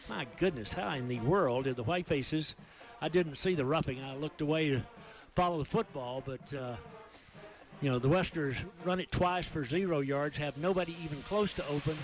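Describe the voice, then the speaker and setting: A man with a Texan accent calling high school football play by play, with rapid excited calls during big plays. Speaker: play-by-play announcer.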